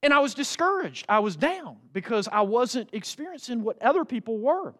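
A man preaching a sermon, folksy and animated, jumping from loud high exclamations to low quiet asides. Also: moderate pace. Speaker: pastor.

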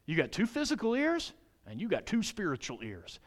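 A pastor preaches to his church congregation at normal speed with animated delivery. His voice rises to emphatic peaks and drops low, and he frequently asks his listeners questions.

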